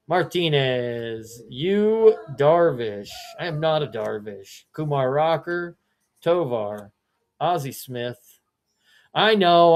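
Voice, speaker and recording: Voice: mid-range voice, darkish tone. A card seller from Missouri, hosting a live-stream card break and rattling off player names with chatty, self-correcting asides.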